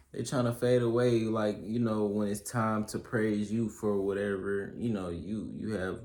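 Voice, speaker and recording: A young man with a fairly low voice talks through a list of advice pointers in a loose, slangy way, tossing in fillers and check-ins. His voice carries a roomy echo, as if he were in a bare room. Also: a little mellow. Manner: loose slangy delivery, many fillers and "you feel me"; works through a list of pointers, reading some aloud. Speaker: YouTuber giving advice. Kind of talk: casual solo advice talk.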